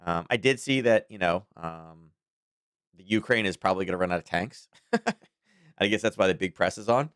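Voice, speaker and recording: A man's voice: deep voice, expressive, moderate pace, fairly bright tone, no echo, clean studio sound. A man hosting a casual daily market commentary stream, talking in a rambling, chatty way with frequent chuckles.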